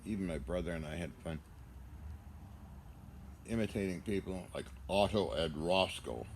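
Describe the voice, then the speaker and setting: Brief: low-voiced male vlogger, loose rambling talk, faint hiss in the background. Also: normal speed. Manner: joking, rambling, often laughs. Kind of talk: casual rambling monologue.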